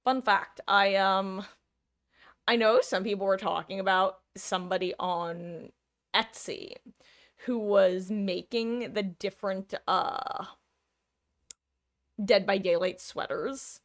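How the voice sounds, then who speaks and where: A woman live-streamer talks to her chat at a desk mic, wandering from topic to topic and catching herself mid-thought. Her voice sits at an ordinary middle pitch, and she laughs easily between asides. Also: steady tone, takes it slowly, long pauses. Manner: chatty, rambling, self-interrupting, laughs often.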